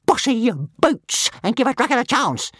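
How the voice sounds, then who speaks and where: A man voicing a tiny, timid male dragon in an audiobook, squeaky and stuttering, wailing and huffy, talking of himself by name. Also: lively intonation, normal speed, bright, forceful tone, no room sound, clean studio sound, full character voice. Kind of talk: audiobook character voice.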